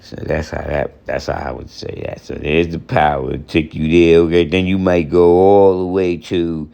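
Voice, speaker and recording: A man's voice: deep voice, little pitch movement, moderate pace, creaky, mellow, smooth, dull audio. A man giving an informal spoken lesson. He rambles and repeats himself, counts off terms one by one, and keeps checking with the listener. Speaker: teacher of religious lessons.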